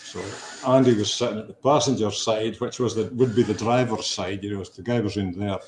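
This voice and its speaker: A man with a Scottish accent, a guest musician telling a long story in a relaxed radio chat, with restarts along the way. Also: fairly low pitch, fairly quick, a little hiss or hum. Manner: chatty anecdotes with restarts, laughing at his own punchline.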